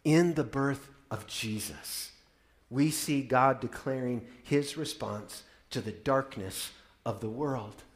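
A man and parent preaching a sermon, swinging from loud proclaiming to hushed wonder, with wry, playful storytelling. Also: medium pitch, slow. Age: adult parent. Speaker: pastor.

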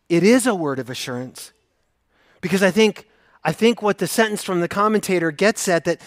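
High-voiced earnest male preacher. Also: no room sound, studio quality. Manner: earnest, swings from emphatic to hushed and intimate. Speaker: pastor. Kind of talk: sermon.

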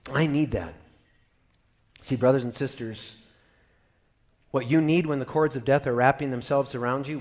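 A man preaching a sermon, animated, swinging from loud exclamations to soft, almost whispered lines. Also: fairly high pitch. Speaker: pastor.

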